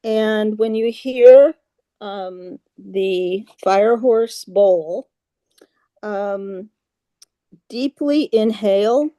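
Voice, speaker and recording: Leading a meditation for a group on a video call, this yoga teacher uses a mid-range voice that is soft, mellow, and slow. She is patient and halting with frequent fillers, chanting mantras in an even monotone. The sound is close and dry with no echo.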